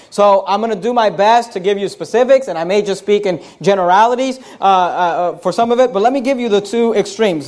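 A high-voiced man preaching to his church. He reads scripture aloud and leans hard on repeated phrases, stretching words for emphasis, with the odd filler and restart between points. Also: darkish tone. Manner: emphatic, repeats key phrases, reads verses in King James wording. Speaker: pastor. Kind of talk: Bible-study sermon.

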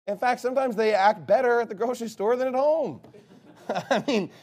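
A man preaching a sermon as a pastor, emphatic, with sudden loud outbursts and big swings in pitch. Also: moderate pace.

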